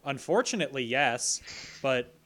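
A man's voice: mid-range voice, animated, normal speed, a bit bright. A man co-hosting a podcast, recapping a movie plot in casual chat with playful jokes. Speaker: podcast co-host.

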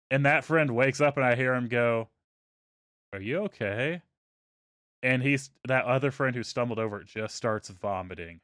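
A man hosting a podcast, telling a story in a relaxed, profane way and trailing off into quiet asides. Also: medium pitch, no echo, studio quality. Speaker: podcast host. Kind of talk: casual storytelling.

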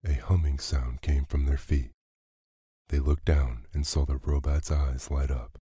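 Brief: male bedtime storyteller, very low husky voice, dry close sound. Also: steady tone, measured pace, dark tone, dry recording. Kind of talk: calm bedtime story narration.

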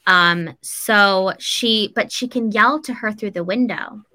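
A woman retelling a folk tale on a podcast in loose, casual chat. She rambles, fills with "like" and "um," and swears freely. Her tone is bright and sharp. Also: mid-range voice, slow pace. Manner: rambling, loose, swears, lots of likes and ums. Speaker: podcast co-host.

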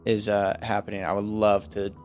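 A man's voice: on the low side, little pitch movement, normal speed, faint music behind. A man playing a tabletop role-playing game, talking in a hesitant, apologetic way. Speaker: player. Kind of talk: casual tabletop play.

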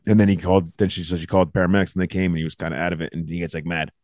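Man, lowish pitch, rapid profane storyteller, dry recording. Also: dry recording. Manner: profane, animated storytelling with acted quotes. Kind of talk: casual chat.

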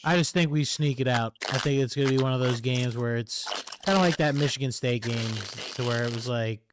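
A male podcast co-host in a casual sports chat, relaxed and rambling with fillers. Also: medium pitch, fairly quick. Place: home setup on a call. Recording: noisy call audio.

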